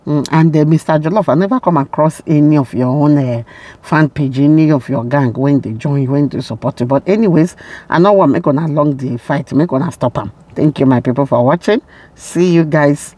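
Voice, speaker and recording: A man's voice: on the high side, moderate pace, mellow. A Nigerian man hosting a casual commentary vlog, chatting to viewers in Pidgin. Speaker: vlogger host.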